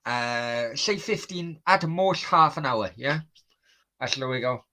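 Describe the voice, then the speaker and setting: A man's voice: mid-range voice, expressive, takes it slowly, pushed and bright. A man hosting a football watchalong stream, chatting bluntly and swearing as he answers his chat. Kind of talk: casual live-stream chat.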